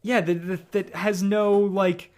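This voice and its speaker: A man co-hosting a podcast, chatting casually about an audio drama in an animated, rambling way full of restarts. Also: high voice, slow. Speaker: podcast co-host.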